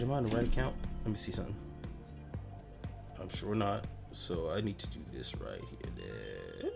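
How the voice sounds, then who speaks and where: A male streamer chats casually on his live stream, his pitch bouncing up and down as he rambles. He swears now and then and mutters to himself while he clicks through his setup. Faint music and keyboard typing sit behind him. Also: gravelly. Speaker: streamer hosting his own channel.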